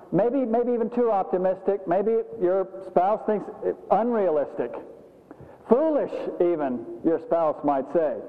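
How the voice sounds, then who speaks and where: A man delivering a sermon in an animated way, slipping into quoted voices as he goes. His voice sits high for a man. The sound is dull and carries a long hall reverb. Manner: animated, acts out quoted voices with rising pitch. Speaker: pastor.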